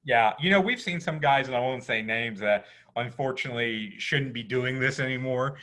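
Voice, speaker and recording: A man's voice: mid-range voice, moderate pace, sharp tone. A man, co-hosting a podcast and telling rambling casual stories full of restarts. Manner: rambling, with many restarts and "you know". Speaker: podcast co-host. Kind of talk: casual storytelling chat.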